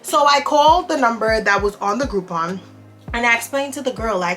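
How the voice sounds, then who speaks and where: A woman beauty vlogger tells an exasperated story in an animated, casual way as she does her makeup. Her voice sits a little high and rings bright and crisp. She talks like she is chatting with friends. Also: fairly quick, soft background music.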